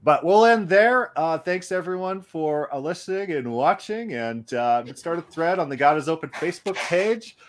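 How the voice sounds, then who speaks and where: A man hosting a casual discussion, talking in an animated way with many restarts. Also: fairly high pitch, normal speed, few pauses. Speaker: podcast host.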